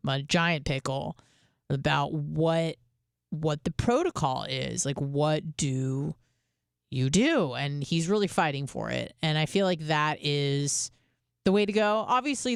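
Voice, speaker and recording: Smooth-voiced woman telling a casual story. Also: low-pitched, no room sound, studio quality. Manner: chatty and candid, heavy on fillers, swears freely. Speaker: radio show host.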